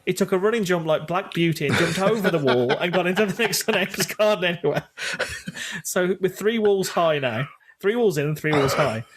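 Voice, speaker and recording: A man in his thirties, co-hosting a podcast and telling a funny story with lively acted-out voices. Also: high-pitched, moderate pace. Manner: animated storytelling, acts out scenes. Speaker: podcast co-host. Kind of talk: casual chat.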